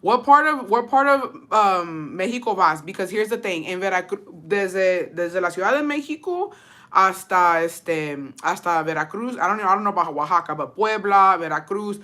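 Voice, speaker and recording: A woman's voice: lowish voice, normal speed, bright, forceful tone. A woman streamer from Texas chatting casually with viewers, switching between English and Spanish, swearing freely. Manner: bilingual code-switching, profane, chatty. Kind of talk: casual chat.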